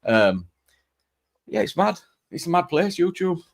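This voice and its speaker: A man's voice: high voice, very animated, measured pace, gravelly. A man chatting on a live panel stream, rambling with many restarts. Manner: rambling, restarts often, dialect "were". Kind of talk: casual panel chat.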